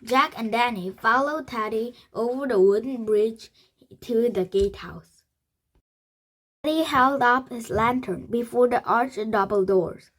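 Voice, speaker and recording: A woman reading a children's chapter book aloud, slow and halting, often correcting herself. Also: fairly high pitch. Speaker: reader.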